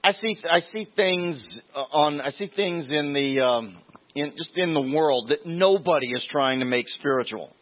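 A man with a fairly high voice preaches a sermon in a loose, conversational way, circling back and repeating his key phrases to drive them home. The sound is thin and tinny, as if it came through a phone line. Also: normal speed.

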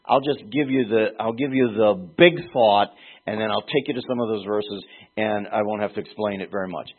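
A man's voice: on the low side, fairly quick, slightly rough. A man preaching a sermon, teaching through a Bible passage in a digressive way and rising to emphatic peaks when he quotes scripture. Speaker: pastor. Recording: tinny phone-like recording.

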